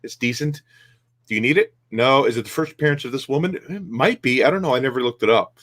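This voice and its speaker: A man's voice: medium pitch, quick pace, a bit bright. A man co-hosting a comic book podcast, talking casually and hesitantly with many fillers. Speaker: podcast co-host.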